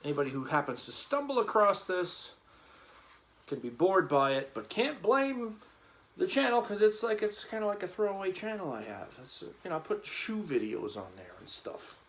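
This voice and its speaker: A man's voice: high voice, big pitch swings, moderate pace, a bit bright, a little hiss or hum, rough recording. A man vlogging casually as he cleans a gun, rambling and joking in an offhand way.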